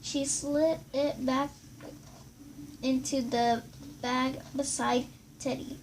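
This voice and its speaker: Woman reading a storybook aloud, high creaky voice, slow, stumbling restarts, noisy recording. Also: flat delivery. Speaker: reader. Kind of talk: reading a children's book aloud with asides.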